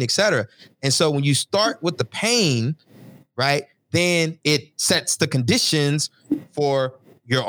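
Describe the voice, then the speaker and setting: A man hosting a podcast, talking business in an animated, slangy way, often saying "yo" and "et cetera". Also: fairly high pitch, dry recording. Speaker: podcast host and business coach. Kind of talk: energetic casual interview.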